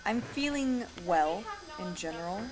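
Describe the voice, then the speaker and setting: A young woman speaks casually backstage before a set. Her voice sits a bit low for a woman, and she sounds relaxed and a little hesitant. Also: measured pace, low-quality recording. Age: young adult.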